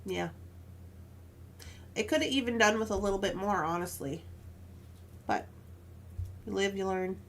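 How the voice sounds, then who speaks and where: A woman's voice: mid-range voice, unhurried, pauses often, a little hiss or hum. A woman casually chatting while she crafts jewelry on a live stream, telling stories with frequent laughs and asides.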